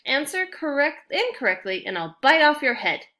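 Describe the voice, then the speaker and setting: A woman voicing an angry, short and wide male bridge troll in a storybook reading, shouting slow, demanding words. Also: sits high, big pitch swings, pitched above the performer's own voice, exaggerated voice. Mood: menacing.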